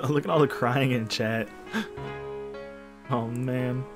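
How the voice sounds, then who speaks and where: A man's voice: mid-range voice, takes it slowly. A man speedrunning a game live, joking and swearing casually while talking straight to his chat. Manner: joking, addresses chat directly, swears freely. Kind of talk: casual live-stream commentary. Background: game music.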